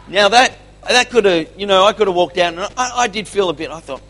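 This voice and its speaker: A man at a church conference sharing a testimony, telling his story with lively, acted-out dialogue. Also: high-pitched, moderate pace. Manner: animated storytelling, acting out dialogue.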